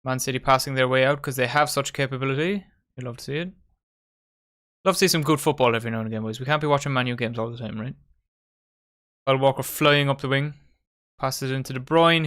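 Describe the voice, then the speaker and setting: A man's voice: mid-range voice, fairly bright tone. A man hosting a live football watchalong, giving casual play-by-play and bantering with his friends and viewers. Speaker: watchalong host. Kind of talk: casual live match commentary.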